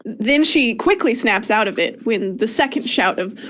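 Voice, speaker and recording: A woman's voice: on the high side, expressive, moderate pace, fairly bright tone. Hesitant woman narrating her character. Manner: meandering, hesitant, chatty. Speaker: player. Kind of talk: tabletop game narration.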